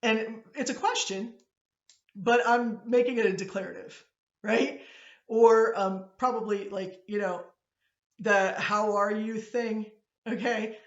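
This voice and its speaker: A woman's voice: medium pitch, steady tone, slow, roomy sound, lo-fi sound. A woman from Pittsburgh with a Pittsburgh accent, giving a chatty, digressive classroom lecture and often checking in with her students. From Pittsburgh, USA. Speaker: college instructor.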